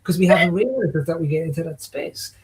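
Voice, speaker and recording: A man's voice: fairly high pitch, fast, low-quality recording. A middle-aged man, a guest in a casual conversation, telling stories animatedly and acting out what people said. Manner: animated storyteller acting out quotes. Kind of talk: casual video-call conversation.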